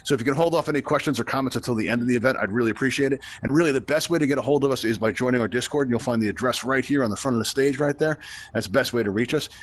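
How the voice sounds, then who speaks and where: This virtual reality event host and instructor from Brooklyn, United States, talks at a racing pace in a mid-range voice. Running a live tutorial, he chats, jokes, and keeps asking the crowd "right?"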